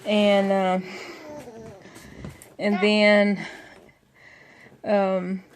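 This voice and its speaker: A young woman with a medium-pitched, barely varying voice speaks extremely slowly. She tells a friend a long story in a casual, rambling way, full of fillers and acting out the voices of people she quotes.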